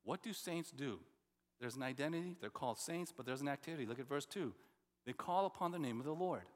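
A man's voice: mid-range voice, expressive, fairly quick. A man from New Jersey preaching a sermon as pastor, in a conversational style with personal stories and rhetorical questions. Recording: long reverb of a large hall.

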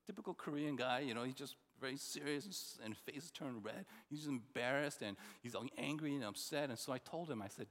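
A man's voice: a little high, expressive, a little fast. A man from New Jersey preaching a sermon as pastor, in a conversational style with personal stories and rhetorical questions. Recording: long reverb of a large hall.

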